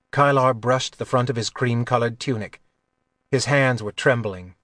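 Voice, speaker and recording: A man narrating an audiobook with a measured, even delivery on a close mic. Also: mid-range voice, no room sound.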